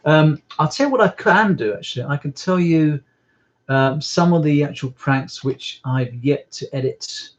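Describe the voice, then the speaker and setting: Man, mid pitch, hesitant rambling live-stream host at home, dull lo-fi audio. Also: darkish tone. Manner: rambling, hesitant, many ums. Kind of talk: casual live-stream chat. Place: at home indoors. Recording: slightly muffled lo-fi stream audio.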